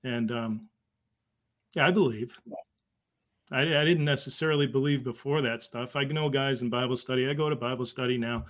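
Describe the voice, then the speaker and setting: Middle-aged man, guest telling a story, halting, emotional, restarts a lot. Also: mid-range voice, a bit bright. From Boston area. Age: 50s. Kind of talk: conversational storytelling.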